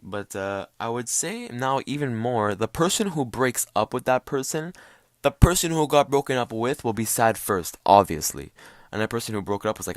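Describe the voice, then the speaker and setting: A man's voice: medium pitch, expressive, moderate pace, no room sound. A young man hosting a solo podcast, rambling and swearing as he acts out little quoted voices. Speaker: podcast host. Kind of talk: casual solo podcast rant.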